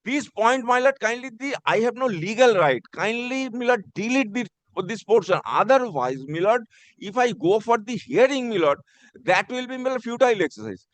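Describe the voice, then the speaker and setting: A man's voice: extremely high pitch, lively intonation, moderate pace, dry recording. A man arguing in court as an advocate, insistent and pleading, repeatedly addressing the judge as "my lord". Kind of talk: courtroom argument.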